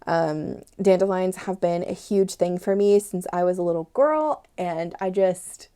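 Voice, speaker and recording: A woman hosting a casual pen unboxing and review, gushing and excitable as she fangirls over a new pen. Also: on the low side, unhurried, clean tone. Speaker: stationery channel host.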